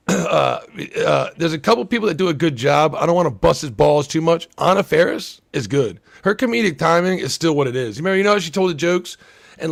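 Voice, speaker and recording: On a livestream chat show, this male podcast host rambles profanely and performs lines from movies. His voice sits on the high side and carries vocal fry.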